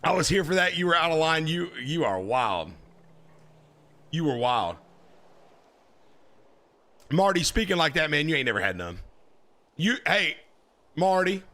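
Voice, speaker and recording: Young man, brash streamer, lively swinging pitch, bright tone, live roleplay chat. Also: a little slow, long pauses. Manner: animated, brash, chatty with viewers. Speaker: roleplay streamer playing a marshal.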